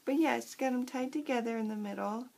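A woman vlogger chatting casually as she unboxes craft supplies, gushing and excitable. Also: on the high side, fast talker, vocal fry, slight background noise.

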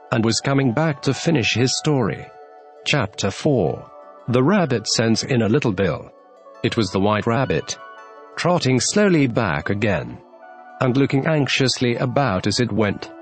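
A man reading a classic storybook aloud as narrator, in a measured, even storytelling manner. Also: medium pitch. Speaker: audiobook narrator.

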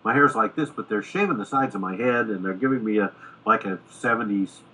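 A man's voice: fairly low pitch, brisk, husky, rough recording. Middle-aged man telling a film-set story. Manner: animated anecdote-telling, acting out quoted dialogue. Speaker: screenwriter guest. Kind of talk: casual storytelling in a podcast interview.

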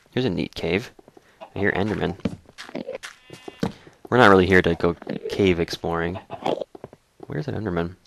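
Brief: man, dry throat, deep voice, relaxed rambling let's-play host. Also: gravelly, noisy background. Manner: rambling, relaxed, narrates as he plays. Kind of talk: casual gaming commentary.

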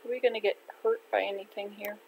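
An older woman from Canada chatting casually to herself while playing a video game, gentle and unhurried. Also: mid-range voice, little pitch movement, vocal fry, noisy background. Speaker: gaming channel host. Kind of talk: casual gameplay chat. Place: home in winter.

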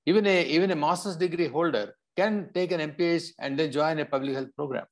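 A man from India speaking as a panelist in a public health discussion, explaining in a measured way. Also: fairly high pitch.

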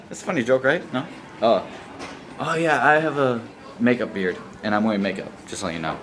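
A man's voice: medium pitch, animated, normal speed, bright, forceful tone, slight background noise. A man, a stage actor, playfully rambling and joking in a casual vlog from backstage at a theater. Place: theater backstage among cast. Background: chatter of a crowd backstage.

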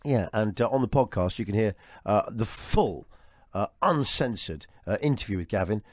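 A man's voice: on the low side, expressive, normal speed, no room sound. A man hosting a radio sports show from a studio, bantering and telling rambling, jokey anecdotes.

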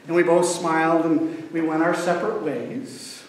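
A man's voice: a little high, normal speed, hardly any pauses, a little hiss or hum. A male pastor delivering a sermon, telling a story with acted voices, in an echoey church, heard from far off.

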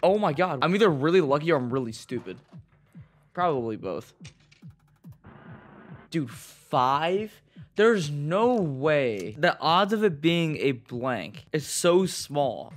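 Exasperated young man with a lively voice. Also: fairly high pitch, takes it slowly, a little hiss or hum. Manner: frustrated, swinging between muttering and outbursts. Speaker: gaming YouTuber. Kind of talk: gameplay commentary.

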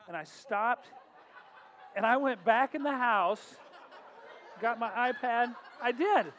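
A man's voice: very high-pitched, animated, slow, fairly bright tone, some chatter behind, slight background noise. A middle-aged man, a pastor hosting a worship night in a church, talking in a chatty, joking way with frequent laughs, then leading a prayer. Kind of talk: casual humorous talk and prayer. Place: church sanctuary. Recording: long hall reverb, faint music.

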